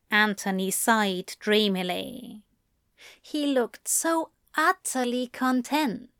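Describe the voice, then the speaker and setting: A woman reading a romantic story aloud in a slow, soft, even way. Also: mid-range voice, clean tone, no room sound, studio quality. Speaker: narrator. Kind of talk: reading fan fiction aloud.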